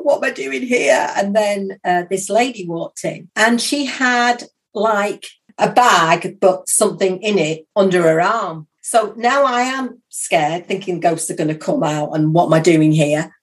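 A woman guest on a podcast, telling a personal story in a chatty, animated way and acting out the voices of the people in it. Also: fairly low pitch. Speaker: podcast guest, psychic medium. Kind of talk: casual storytelling.

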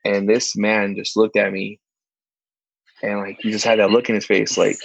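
Low-voiced man telling animated stories. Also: normal speed, gravelly, breathy edge, no echo, lo-fi sound. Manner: animated storyteller, acts out quoted voices much higher. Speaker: podcast co-host, church ministry worker. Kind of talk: casual storytelling chat.

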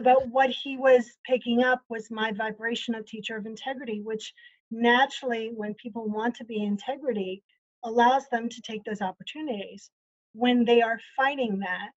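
Earnest woman coach, muffled lo-fi audio. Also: on the high side. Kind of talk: casual interview.

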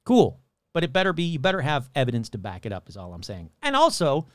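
Male comedic podcast host, profane and sarcastic, lively pitch, clean close dry mic. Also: quick pace, no room sound. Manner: profane, sarcastic, rambling, mocks locals in silly voices. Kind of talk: casual comedic podcast monologue.

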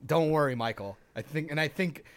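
A young man co-hosting a casual podcast, joking loudly with plenty of swearing. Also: fairly high pitch, brisk, clean tone. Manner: loud, profane, jokey banter. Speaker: podcast co-host.

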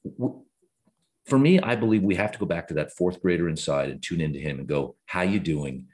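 A man in his fifties, a guest author, talking earnestly and reflectively in a podcast conversation. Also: a little fast. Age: 50s. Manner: earnest, reflective, lively swings in pitch when explaining.

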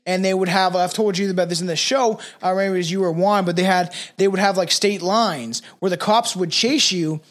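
A Canadian man with a notably high voice hosts a podcast in loose, rambling talk. He swears freely, cracks dark jokes and reads out facts between tangents. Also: brisk, few pauses. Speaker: podcast host. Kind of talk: casual podcast chat, reading notes.

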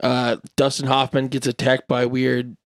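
A man's voice: medium pitch, monotone, unhurried, dry recording, studio quality. A man chatting casually and making wry, skeptical asides about a movie. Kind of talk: casual chat.

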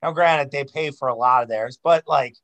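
A man's voice: medium pitch, normal speed, a bit bright, low-quality recording. A man co-hosting a podcast in casual sports chat, talking loosely with lots of fillers and swearing. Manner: loose, profane, rambling with fillers. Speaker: podcast co-host.

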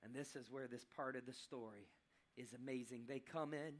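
A man preaching a sermon, telling a story dramatically and swinging between loud and hushed passages. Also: medium pitch, normal speed.

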